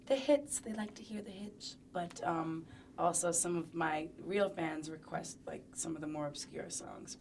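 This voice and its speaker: A playful young woman talks through a sit-down interview in a lowish voice. She is chatty and pokes fun at herself as she goes. A faint noise sits behind her. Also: vocal fry. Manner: playful, chatty, self-mocking. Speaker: interviewee, singer.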